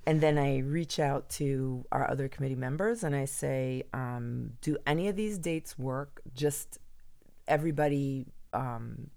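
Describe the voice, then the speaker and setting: A woman chatting casually on a podcast, telling animated stories and acting out her own panicked voice. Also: rumbling low, unhurried, vocal fry. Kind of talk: casual chat.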